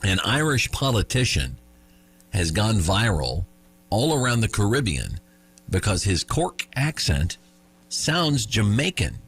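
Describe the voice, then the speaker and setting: A man's voice: lowish voice, very animated, unhurried, fairly bright tone, slightly rough. A man in his fifties hosting a radio show, reading news items with jokes and chuckling at his own lines. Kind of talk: morning radio chat and news.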